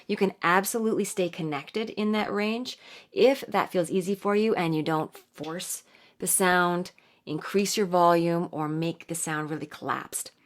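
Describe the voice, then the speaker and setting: A woman vocal coach giving a singing lesson, with encouraging, instructive cues. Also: on the low side. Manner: encouraging, instructive, brisk cues between sung examples. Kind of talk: vocal lesson with sung demonstrations. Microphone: studio mic, audio only. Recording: over loud piano accompaniment.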